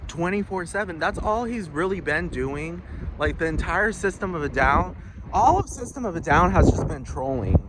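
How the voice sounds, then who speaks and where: A man's voice: a little high, animated, moderate pace, background noise. A man vlogging a heated, profane rant with many restarts, outdoors. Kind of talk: casual ranting monologue.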